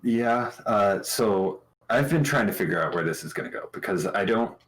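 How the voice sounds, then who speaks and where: A man talking casually about his tabletop game character, thoughtful and halting, with many restarts. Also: on the low side, expressive, fairly bright tone, poor audio. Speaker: tabletop game player on a talk show.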